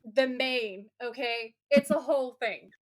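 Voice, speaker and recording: A chatty woman co-hosting a podcast in a casual, talkative style. Her voice sits a little high, and she tells stories with an animated energy, full of asides. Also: measured pace. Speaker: podcast co-host. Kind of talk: casual chat recapping a TV episode.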